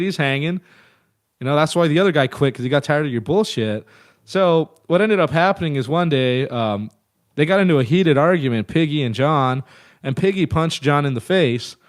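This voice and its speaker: A man's voice: on the high side, no room sound, clean studio sound. A man in his thirties telling band stories in a casual, profane, rambling way as an interview guest. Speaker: guest musician.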